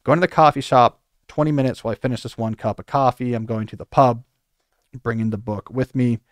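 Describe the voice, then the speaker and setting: A man hosting a podcast, giving animated advice with playful joking asides. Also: medium pitch, fairly quick, no room sound, studio quality. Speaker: podcast host.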